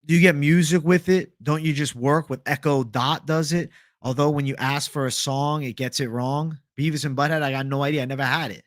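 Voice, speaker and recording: A man's voice: fairly high pitch, fairly even intonation, a little fast, hardly any pauses, no echo, studio quality. A young man casually chatting on a livestream, swearing freely and answering viewer comments. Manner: casual, profane, reads viewer comments aloud. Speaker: livestream host.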